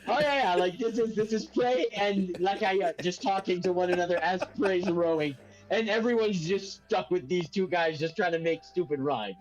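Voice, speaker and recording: A man narrating as game master in a tabletop game, rambling and crude, quick to laugh. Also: high-pitched, music in the background. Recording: dull lo-fi.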